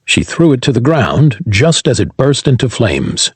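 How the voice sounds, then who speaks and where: A man's voice: medium pitch, big pitch swings, measured pace, breathy edge, no echo. A man narrating a science fiction audiobook and voicing every character himself.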